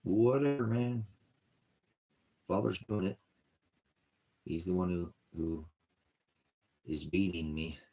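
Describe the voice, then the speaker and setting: Slow and mellow, the low-pitched, gravelly, husky voice of a man who hosts an online ministry stays steady through long pauses. He's tired and sighing in this casual vlog, rambling about his problems and drifting between topics.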